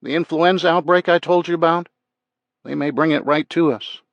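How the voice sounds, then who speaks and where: A man's voice: fairly high pitch, steady tone, moderate pace, creaky, no echo, highs cut off, voice pushed up. A man voicing a woman doctor who speaks up earnestly for her patient in an audiobook. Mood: urgent.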